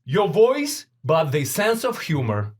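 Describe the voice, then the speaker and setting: A man co-hosts a casual podcast, teasing and excitable. His voice sits high and leaps about a lot. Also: slow. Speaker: podcast co-host. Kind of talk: casual chat.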